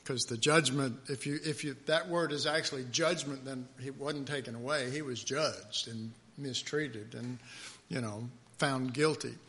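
Male pastor, unhurried halting sermon delivery, bright forward tone, stresses scripture words. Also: mid-range voice. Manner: halting, many fillers and restarts, reads scripture aloud with emphasis. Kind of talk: conversational sermon.

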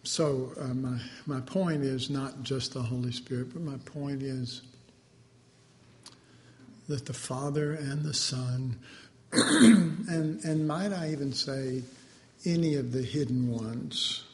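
A man's voice: mid-range voice, slow pace, long pauses, a little hiss or hum. Rambling man preaching informally. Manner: rambling, hesitant, with many fillers and animated acted-out quotes. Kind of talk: informal sermon.

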